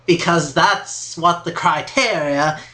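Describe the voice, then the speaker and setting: A man's voice: on the high side, takes it slowly, sharp tone. A man hosting a comedic podcast, hesitant and full of restarts as he tries to keep the talk on track. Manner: hesitant, full of ums and restarts, growing exasperated. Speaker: podcast host steering the talk. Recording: roomy echoey room.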